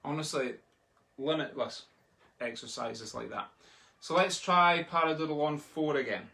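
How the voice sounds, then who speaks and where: A Scottish man teaching a drumming lesson online from home, talking in a relaxed, chatty way and chanting the sticking patterns aloud. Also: fairly high pitch, a little slow, creaky, heavy background noise. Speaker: drum tutor. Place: home, a street outside.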